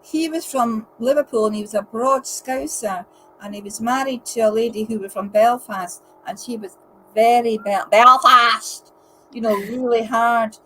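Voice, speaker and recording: A woman's voice: fairly high pitch, normal speed, slight background noise, rough recording. A woman in a casual group chat, chatty and full of anecdotes.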